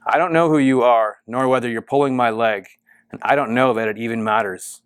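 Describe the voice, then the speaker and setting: A man's voice: medium pitch, brisk, clear, resonant tone, no echo, clean studio sound, close to an everyday voice. A man reading the lines of a skeptical male computer scientist on a phone call, wary and dismissive.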